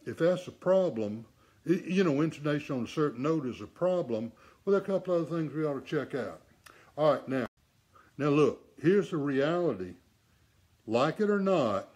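A man's voice: medium pitch, darkish tone, breathy edge. A middle-aged man teaching saxophone repair in a casual demonstration, blunt and emphatic, with rhetorical asides.

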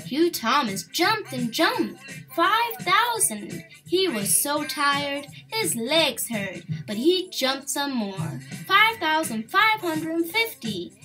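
A woman reading a children's storybook aloud in a high, lively voice. She takes her time, and her tone is bright with a breathy edge. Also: low-quality recording. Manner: expressive, animated storytelling. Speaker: storybook reader. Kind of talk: children's book read-aloud.

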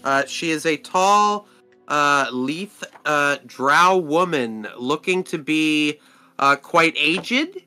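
Bright-voiced male game master. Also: on the high side, takes it slowly, faint music behind. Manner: relaxed, with frequent fillers. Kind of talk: narrating a tabletop game.

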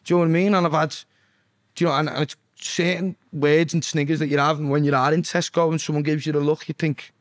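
A man's voice: on the high side, flat delivery, fast talker, no room sound, clean studio sound. A young man with a Liverpool accent, a singer chatting as a podcast guest, swearing freely and often asking "do you know what I mean". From Liverpool, England. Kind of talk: casual interview chat.

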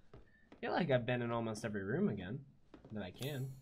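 A man giving live gameplay commentary as a let's play gamer, jumpy and swearing often with loud startled outbursts. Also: medium pitch, big pitch swings, a little fast, a little hiss or hum.

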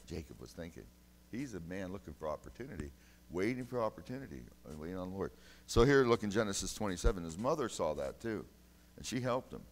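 A male pastor preaching a sermon, folksy and emphatic, with sudden loud bursts between quieter, conversational stretches. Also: fairly low pitch, big pitch swings, a little fast, in a large hall. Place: church sanctuary.

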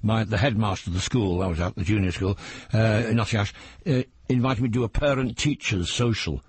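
A man's voice: lowish voice, brisk, husky, dry recording. Older man, jokey storyteller on old radio. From England. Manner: jokey storyteller, slips into impressions of regional voices. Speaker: comedian guest. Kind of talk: anecdotal interview chat. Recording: old radio broadcast recording.

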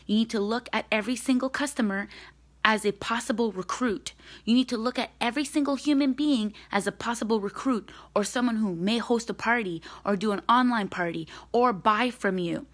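A woman's voice: on the high side, moderate pace. A young woman leading a sales team, talking live to her team from home in a blunt, direct, motivating way.

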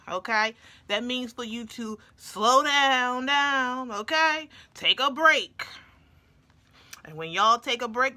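A woman's voice: a little high, pushed and bright. A woman vlogger chatting playfully to her viewers while she eats, talking between bites. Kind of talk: casual chat to viewers while eating.

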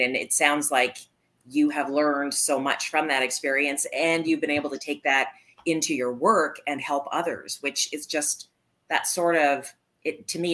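Deep-voiced, bright woman interviewer. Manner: supportive, frequent brief affirmations. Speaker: host. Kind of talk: conversational interview.

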